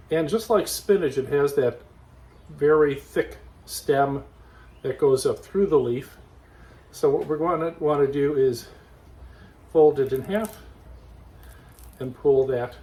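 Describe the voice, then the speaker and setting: A man hosting a casual cooking demonstration, explaining each step in a relaxed, chatty way from his home kitchen. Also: a little high, rough recording. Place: backyard garden, then home kitchen.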